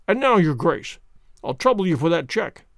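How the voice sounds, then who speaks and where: Cool, unbending detective, done by a man, measured, bright and lively. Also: on the high side, vocal fry, no room sound, studio quality. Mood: triumphant. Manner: cold, measured and deliberate. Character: cool, inexorable male detective, middle-aged.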